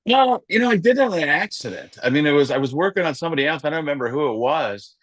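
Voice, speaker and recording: A man's voice: on the high side, expressive, fast talker, fairly bright tone, dry recording, clean studio sound. A man, a comedian, chatting animatedly as an interview guest and slipping in and out of voices. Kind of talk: lively interview chat.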